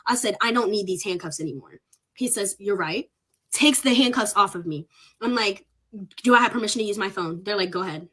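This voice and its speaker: Her medium-pitched voice is fairly bright, slightly rough, and a little quick as this young student describes being arrested during a livestream. Candid and swearing freely, she sounds emotional and on the verge of crying.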